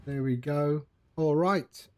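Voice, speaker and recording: Speaking slowly in a fairly high voice, a man gives casual live-stream commentary as he sets up a flight simulator, rambling to his viewers at ease.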